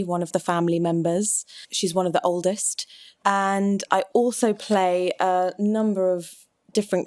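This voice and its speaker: A woman's voice: lowish voice, a little mellow, no echo, studio quality. A woman in her twenties, a stage actor, chattily describing herself and her roles for an audio introduction, hedging often with "sort of". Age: 20s.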